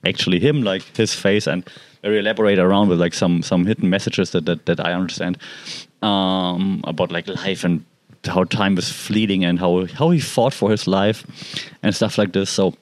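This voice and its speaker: A man tells a personal story in a casual, meandering way. His voice sits on the low side, and he keeps circling back with "like" and restarts. The sound is dry and close. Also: fairly even intonation, moderate pace, no echo. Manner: rambling, heavy use of "like" and restarts. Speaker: pet owner telling a personal story.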